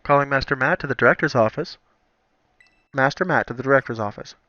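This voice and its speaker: A man doing a loud, rapid school intercom announcer. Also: medium pitch, dull audio, slight background noise, close to an everyday voice. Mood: announcing.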